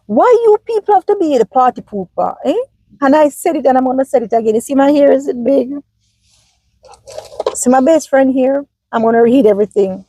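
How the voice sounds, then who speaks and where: Jamaican lady vlogging, high voice, dry close sound, chatty and animated. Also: fairly quick, no echo, rough recording. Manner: chatty, animated, answering comments directly. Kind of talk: casual talk to viewers.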